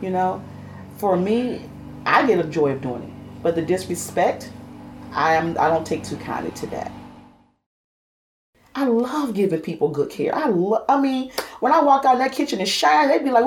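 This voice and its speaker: A woman's voice: medium pitch, lively intonation, normal speed, slight background noise. A woman home care worker, telling her story with passion in an oral history interview.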